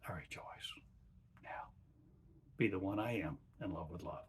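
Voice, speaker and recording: A man acting as a spiritual teacher, giving a channeled spiritual address in slow, halting short phrases that often trail off softly. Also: deep voice, slightly rough.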